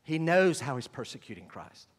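A male pastor preaching a sermon, moving between quiet asides and loud, emphatic stretches. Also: mid-range voice, big pitch swings, normal speed, slightly rough, big-room sound.

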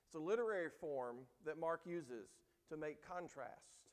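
In a church with long, echoing reverb, a pastor delivers an earnest, emphatic sermon. His voice sits a little high, with lively intonation and a moderate pace, and he performs quoted lines with mounting emphasis.

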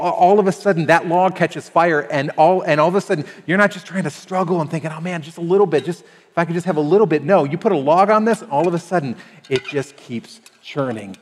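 A man preaching a sermon as pastor, animated and acting out little scenes for the congregation. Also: fairly high pitch. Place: church sanctuary. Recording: long hall reverb with faint music.

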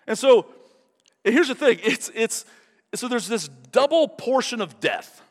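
Animated high-voiced male pastor. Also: measured pace, big-room sound. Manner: animated, acts out quotes with voices. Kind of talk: sermon.

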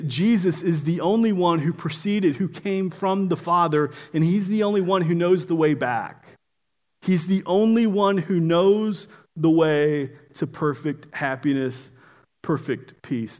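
An earnest man preaching a sermon, his voice sitting high for a man. He talks in a heartfelt way and often trips over the first words of a phrase, repeating them before pressing on. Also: measured pace, darkish tone.

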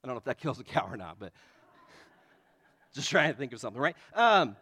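A man preaching a sermon and telling stories in a lively way, with quick asides. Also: medium pitch, slightly rough. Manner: animated storytelling with quick asides. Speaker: pastor.

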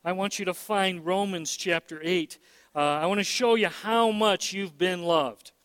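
A man's voice: high voice, a little slow, fairly bright tone, clean tone, no room sound, long reverb tail. A man preaching a sermon as pastor, emphatic, often repeating words and using fillers.

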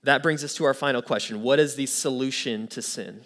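A man's voice: medium pitch, a little fast, fairly bright tone. Man preaching a sermon with a story. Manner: storytelling with quoted voices, then earnest preaching. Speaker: pastor.

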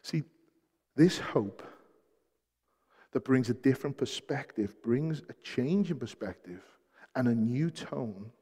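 A man preaching a sermon as pastor, shifting between soft, hushed passages and loud, emphatic peaks, repeating key phrases for weight. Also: medium pitch, expressive, takes it slowly, long pauses, breathy edge. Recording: long hall reverb.

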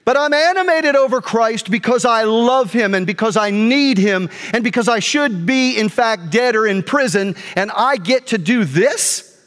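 A middle-aged male pastor telling a personal story in a sermon, animated, jumping between quiet asides and loud outbursts. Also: extremely high pitch, moderate pace. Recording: long hall reverb.

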